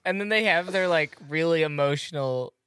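A man's voice: a little high, normal speed, fairly bright tone. A man co-hosting a casual podcast, chatting loosely, laughing often and swearing freely. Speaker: podcast co-host. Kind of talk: casual chat.

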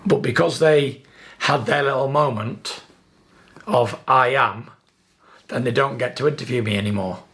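A man's voice: mid-range voice, a little slow, pauses often, fairly bright tone. A man, a boxer, speaking bluntly in a casual interview. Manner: blunt, repetitive, listing points. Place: gym.

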